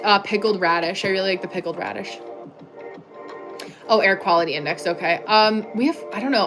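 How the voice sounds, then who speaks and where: Her voice medium in pitch and a bit bright, a young woman from the US runs a relaxed livestream through a clip-on mic. She goes through viewer comments and responds conversationally, leaning heavily on "like."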